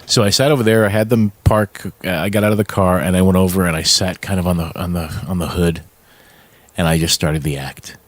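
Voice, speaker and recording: A man's voice: sits low, brisk, no echo. A man hosting a casual podcast, telling a story with lots of laughter and acted-out quotes. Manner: animated storyteller, acts out quotes, laughs often. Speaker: podcast host.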